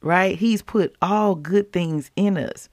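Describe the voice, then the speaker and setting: Low-voiced woman with a bit of fry, casual animated devotional talk, dry recording. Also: slow pace, no echo. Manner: chatty and animated, with laughs and acted-out quotes. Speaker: devotional speaker.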